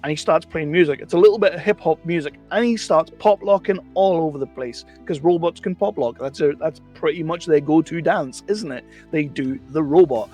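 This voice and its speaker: A man with a notably high voice rambles through a casual film review, opinionated and chatty, stopping to correct himself as he goes. Faint music plays underneath him. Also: fairly quick, few pauses, darkish tone.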